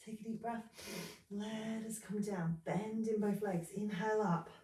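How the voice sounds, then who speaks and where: A woman leading a yoga class, calmly calling out poses and breaths step by step with a little humor. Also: mid-range voice, measured pace, recorded from a distance. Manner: calm step-by-step cueing, breath counts, light humor. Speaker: yoga instructor. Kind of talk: guided yoga instruction. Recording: roomy, voice a bit off-mic.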